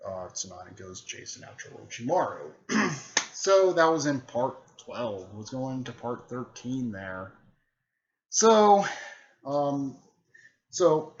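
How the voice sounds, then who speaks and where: A man giving a casual, rambling recap full of filler words, often clearing his throat. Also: on the low side. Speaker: host recapping a fan series. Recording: dull lo-fi recording.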